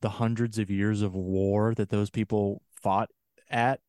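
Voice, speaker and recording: A man's voice: lowish voice, level tone, measured pace, a little mellow, clear, resonant tone, dry recording, clean studio sound. A man co-hosting a podcast in casual chat, rambling and trailing off with frequent laughs. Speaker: podcast co-host.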